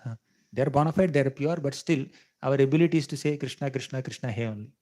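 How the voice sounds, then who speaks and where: A man's voice: mid-range voice, fast, a little mellow. A man giving a devotional scripture talk to a live audience, teaching in a conversational way, often checking "right?" and chuckling as he explains. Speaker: temple speaker teaching scripture. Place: temple hall with audience.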